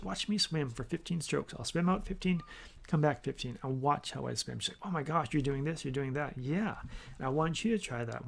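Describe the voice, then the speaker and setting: A man's voice: a little high, gravelly, a bit bright. A man hosting a triathlon coaching podcast, talking casually and telling stories that act out quoted dialogue. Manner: storytelling, acting out quoted dialogue. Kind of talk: casual solo podcast talk.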